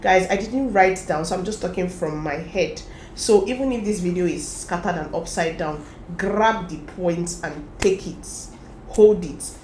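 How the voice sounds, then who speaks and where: A lifestyle vlogger talks casually to the camera, sharing her own experiences and giving advice straight to her viewers. Her voice sits on the low side and moves a little slowly, chatty and broken up by animated laughter. The recording is rough, with a roomy sound and slight background noise.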